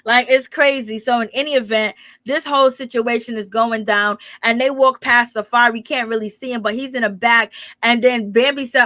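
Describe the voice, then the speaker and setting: A woman recaps reality TV drama in a loose, chatty way, laughing often and playing out what each person said. Her voice sits a little high and sounds bright and forward. The recording is dry and close. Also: normal speed, dry recording. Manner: animated retelling with quoted dialogue. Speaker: gossip channel host.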